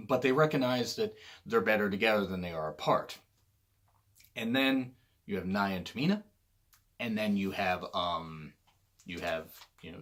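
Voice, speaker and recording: A man giving casual solo commentary on wrestling, rambling and correcting himself, often clearing his throat. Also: low-pitched, fairly bright tone.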